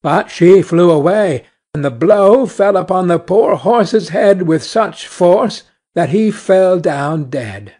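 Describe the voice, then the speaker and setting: A man narrating a fairy tale slowly and clearly for English learners. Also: high-pitched, lively intonation, mellow.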